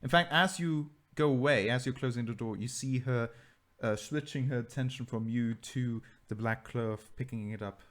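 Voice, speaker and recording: A man's voice: mid-range voice, moderate pace, hardly any pauses, fairly bright tone. A man narrating and running a tabletop role-playing game as game master, chatty and teasing. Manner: chatty and teasing, laughs often.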